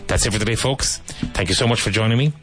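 A man teaching on the radio, repeating example sentences slowly and deliberately. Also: lowish voice, a bit bright, faint music behind. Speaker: English teacher. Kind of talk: radio English lesson, drilling phrases.

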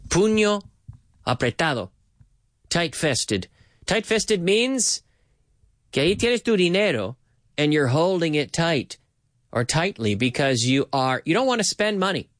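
A man with a fairly high, very lively voice that swoops up and down as he hosts a bilingual English lesson. He repeats phrases slowly for learners and slips Spanish words in between. The sound is dry and close. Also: no room sound. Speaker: language teacher and podcast host.

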